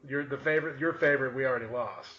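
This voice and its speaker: A man's voice: medium pitch, very fast, bright, forceful tone. Laid-back man podcast co-host, lo-fi. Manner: laid-back, brief agreeing remarks. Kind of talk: casual chat. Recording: dull lo-fi with faint noise.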